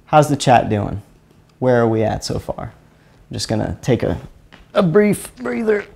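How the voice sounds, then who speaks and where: A man's voice: fairly low pitch, normal speed, vocal fry, dark tone. A man from Mississippi hosts a casual live stream. He rambles and chuckles, often stopping to restart his sentences. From Mississippi, USA. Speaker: host of an energy healing live stream.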